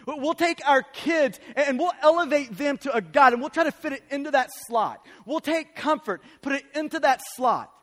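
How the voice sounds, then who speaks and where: High-voiced preacher in an echoing hall. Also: male voice, lively intonation, normal speed, few pauses, a bit bright. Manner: emphatic, urgent preaching with repeated phrases. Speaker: pastor. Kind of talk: sermon. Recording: long hall reverb.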